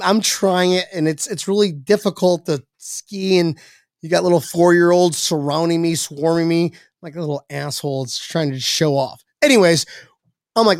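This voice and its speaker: Casual storyteller, young man, raspy edge, swears a lot, mid pitch, dead-dry sound. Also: dry recording. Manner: rambling, animated, swears freely, voices his younger self. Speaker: podcast guest.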